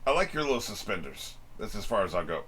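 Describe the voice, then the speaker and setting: A man's voice: on the low side, sing-song, fast talker, fairly bright tone, breathy edge. A man hosting an anime reaction channel, giving casual, wisecracking commentary with plenty of swearing and frequent chuckles.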